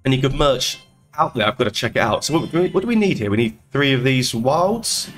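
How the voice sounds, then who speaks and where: A man's voice: mid-range voice, animated, a bit bright, faint music behind. Upbeat man streaming live. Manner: upbeat, greets chat viewers by name in rapid sing-song bursts. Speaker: slot streamer host.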